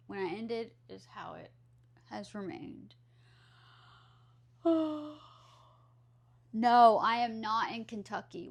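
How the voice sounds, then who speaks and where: A woman's voice: a little high, creaky, fairly bright tone. A woman with a Southern US accent, chatting casually with her live stream viewers and answering their questions aloud.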